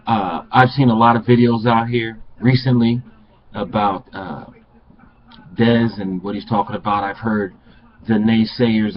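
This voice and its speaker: A man's voice: mid-range voice, dull audio. An older man, a passionate sports fan, ranting to camera in a home vlog and repeating phrases for emphasis. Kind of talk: fired-up fan rant to camera.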